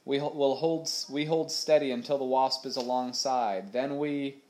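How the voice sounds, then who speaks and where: A man reading aloud, voicing a rough, mocking male ship's mate in a raised, scoffing voice. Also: medium pitch, fairly even intonation, normal speed, darkish tone, lightly acted. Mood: commanding.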